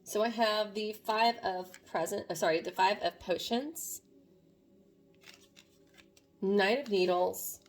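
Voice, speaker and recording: A woman's voice: medium pitch, slow pace, long pauses. A woman doing a casual tarot reading to camera, talking to viewers in an earnest, meandering way. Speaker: tarot reader.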